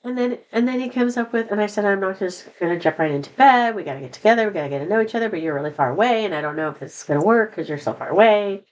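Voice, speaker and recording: A woman's voice: medium pitch, lively intonation, racing, hardly any pauses, dull audio. A middle-aged woman talking to the camera in a rambling, confessional vlog, sad and candid, her voice a little worn after being sick. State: voice not at full strength after being sick. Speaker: vlogger. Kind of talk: personal vlog monologue.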